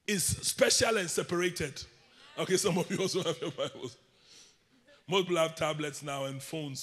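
A man from Africa with a West African accent, preaching a sermon as a bishop, leading call-and-response and stretching key phrases slowly. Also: on the high side, a bit bright, big-room sound.

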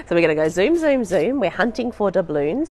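A woman's voice: mid-range voice, sing-song, normal speed, darkish tone, a little hiss or hum. A young woman running a live baby and toddler session at a library, singing nursery songs and chatting to parents between them, laughing often. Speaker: children's librarian.

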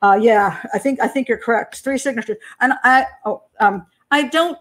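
A woman's voice: fairly high pitch, normal speed. An older American woman, a criminal profiler and channel host, chatting casually on a live stream, laughing often and answering viewer comments. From United States.

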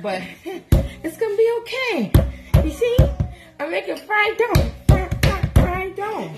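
A mother vlogging from her home kitchen in a high, bouncing voice that swoops up and down. She talks casually to her viewers, joking and laughing through her words. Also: background noise. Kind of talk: casual chat to camera.

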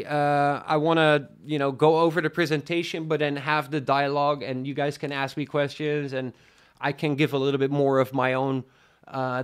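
A clear, resonant, somewhat high male voice belongs to a young Dutch tech livestream host from the Netherlands. With a faint Dutch accent, he reviews a product live in a casual way, chatting with viewers and rambling through plenty of fillers.

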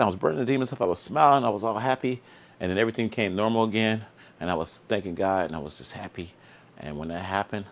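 A man with a deep, low voice talks straight to his viewers, telling a personal story in loose, slangy everyday speech. He is earnest and repeats himself for emphasis, and his voice jumps up high when he gets excited. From Sacramento area. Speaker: vlog host.

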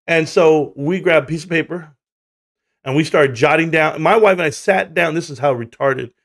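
A man's voice: a little high, moderate pace. A man hosting a casual livestream chat, rambling, swearing and laughing through stories, from the United States. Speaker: livestream host.

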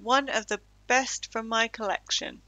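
A woman voicing a jittery male monster who puffs himself up as the star talent. The voice is bright and unhurried. This is read-along video game dialogue. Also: fairly high pitch, no echo, poor audio. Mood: relieved. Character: anxious male one-eyed monster, self-styled talent. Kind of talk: reading game dialogue aloud.

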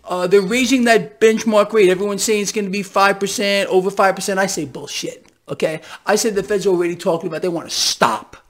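A man hosting a financial commentary vlog, talking in an animated, sarcastic rant. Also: high-pitched, brisk, few pauses. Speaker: host.

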